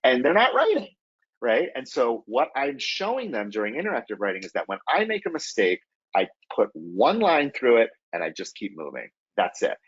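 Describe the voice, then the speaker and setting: A middle-aged man giving a casual teacher webinar, animated and chatty, who acts out children's self-talk in a higher voice. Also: husky, dry recording, dull audio. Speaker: teacher trainer presenting a webinar.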